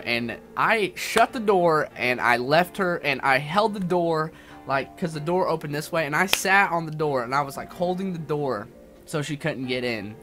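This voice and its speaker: A man's voice: mid-range voice, a bit bright. A young man in his twenties telling a rambling personal story in a casual vlog, restarting sentences often and swearing now and then. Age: 20s. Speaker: YouTuber.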